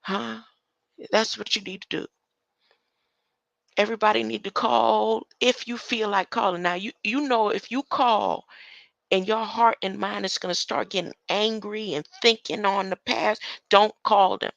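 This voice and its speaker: A woman hosts a livestream with an unhurried, rambling monologue, peppering it with a questioning "huh?" and little laughs. Her voice is bright and edged with gravelly fry. The sound is dry, with no room around it. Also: medium pitch, steady tone, no room sound, highs cut off. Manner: tags lines with a questioning "huh?"; laughs between thoughts.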